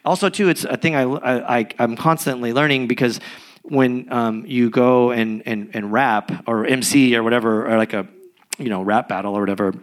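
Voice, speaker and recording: A man, a musician guest, telling stories in a rambling, animated way with many restarts during a live podcast interview. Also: medium pitch, normal speed. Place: recording studio with live audience.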